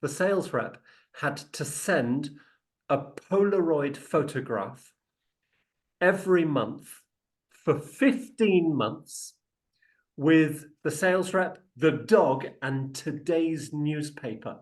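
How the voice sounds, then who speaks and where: A man training people in sales negotiation, telling an anecdote in a lively, animated way, laughing often and restarting his sentences. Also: a little high, takes it slowly. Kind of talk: lively anecdote with acted quotes.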